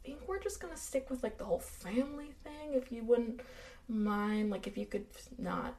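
A woman quoting a polite fisherman, soft and hesitant. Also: extremely high pitch, normal speed, distant mic, voice pushed up. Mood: apologetic. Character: polite island fisherman letting a worker go.

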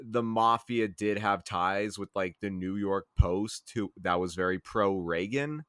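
A man's voice: a little slow, a bit bright, clean tone, dry recording, studio quality. A man co-hosting a podcast in casual chat, swearing a lot and getting exasperated, his voice jumping up when worked up. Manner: profane, exasperated, jumps up in pitch when worked up. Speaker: podcast co-host.

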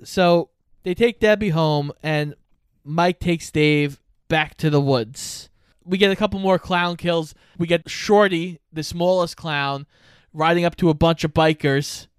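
Smooth-voiced podcast co-host recapping a film. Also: medium pitch, unhurried, dry recording, clean studio sound. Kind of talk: casual movie recap.

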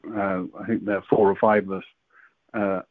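A man talking in casual chat, halting and stammering often as he recounts an experience. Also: fairly low pitch, little pitch movement, no room sound. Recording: dry tinny phone-like line.

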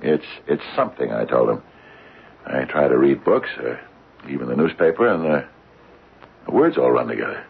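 An actor playing an anxious, aging widowed businessman in a radio drama, stammering and halting as he speaks. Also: a bass voice, very animated, vocal fry, slightly rough, heavily acted. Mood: despairing. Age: older. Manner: stammering, halting, repeats words. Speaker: father and retired company founder. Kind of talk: 1950s radio drama acting. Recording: narrow phone-like old radio recording.

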